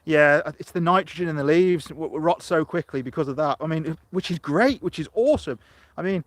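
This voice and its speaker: A man's voice: fairly high pitch, a little fast, dry recording. Chatty middle-aged man live on his allotment. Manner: rambling, chatty, answers viewer comments. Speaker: allotment vlogger. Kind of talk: live-streamed casual chat. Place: outdoors on an allotment. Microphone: phone camera.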